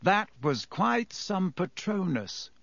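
A man voicing a calm, kindly male teacher who speaks slowly and gently. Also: sits high, vocal fry, dry recording, voice pushed up, heavily acted. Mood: gentle. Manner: slow, gentle and measured.

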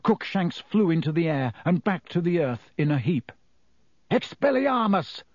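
A man reading an audiobook aloud as narrator, with dramatic shifts between slow and quick delivery. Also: a little high, lively intonation, darkish tone, dry recording. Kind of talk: scripted narration.

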